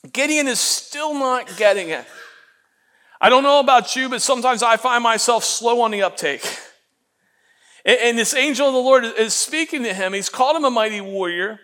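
A man preaching a sermon as pastor, animated and acting out the voices he quotes, often repeating words as he goes. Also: very high voice, normal speed.

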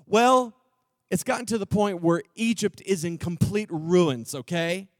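High-voiced preacher from Texas. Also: male voice, a little slow, no room sound, studio quality. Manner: casual, slangy storytelling with freewheeling asides. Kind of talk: sermon with a prayer and storytelling. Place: church gathering room.

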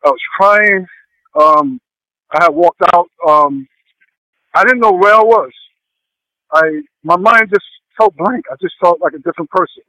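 Earnest man telling a heartfelt story, halting delivery, high-pitched voice, dry close sound. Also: pushed and bright, no room sound, rough recording. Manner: halting, with many pauses and fillers. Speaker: guest sharing a personal testimony. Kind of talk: emotional personal testimony.

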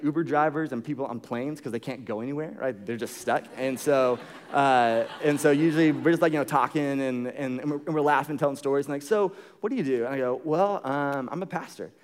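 A young adult man preaching a sermon as a pastor, conversational and jokey, full of fillers and restarts. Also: mid-range voice. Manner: jokey storytelling.

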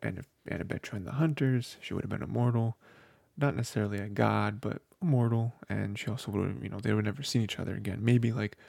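A man's voice: fairly low pitch, fast talker, vocal fry, a little mellow, no room sound, clean studio sound. A man co-hosting a book podcast, talking casually and rambling with lots of fillers. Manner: rambling, filler-heavy, with many "you know" and "like".

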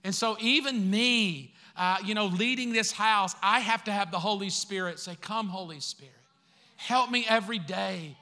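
A man's voice: high-pitched, normal speed, bright, forceful tone. A man preaching a sermon as pastor, conversational and acting out the voices he quotes. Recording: long hall reverb.

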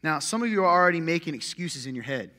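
A man preaching a sermon as pastor, punchy and joking, swinging from loud calls to muttered asides. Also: on the high side, animated, fast. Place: church hall with long reverb. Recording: echoey church hall.

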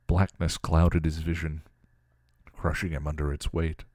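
Very deep-voiced, expressive male podcaster. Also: a little slow, no room sound, studio quality. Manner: dramatic, expressive reading. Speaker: podcast co-host. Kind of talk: reading fan fiction aloud.

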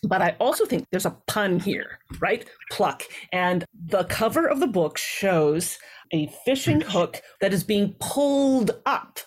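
A woman's voice: mid-range voice, lively intonation, a little slow, slightly rough. A woman hosting an interview, musing thoughtfully and often checking in with her guest. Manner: thoughtful, musing, uses frequent tag questions. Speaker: interview host. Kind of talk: interview conversation.

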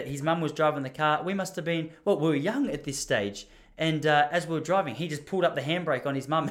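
An Australian man in his thirties telling rambling, animated anecdotes in casual chat. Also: high-pitched. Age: 30s. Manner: rambling, animated, laughs while telling stories.

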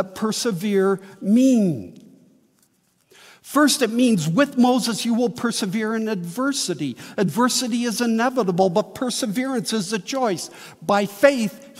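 High-voiced pastor preaching slowly in a hall. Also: male voice. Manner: earnest, emphatic preaching with slow dramatic pauses. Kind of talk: sermon.

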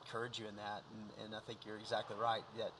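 A man, a pastor, interviewing a guest in an encouraging, soft-spoken way. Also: lowish voice, monotone, quick pace, a little hiss or hum, poor audio.

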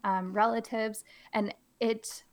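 A woman's voice: level tone, takes it slowly. A woman, a teacher on a book podcast, chatting casually and hamming up a read-aloud with big swings in her voice. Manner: hams up reading with big pitch jumps.

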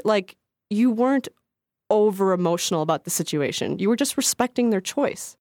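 A woman chats as a podcast co-host, dropping wry jokes and slowing down to stress a point. Her pitch is even and middling. The recording is dry, with no room echo. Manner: wry, joking asides, slows down to stress points. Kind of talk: casual chat.

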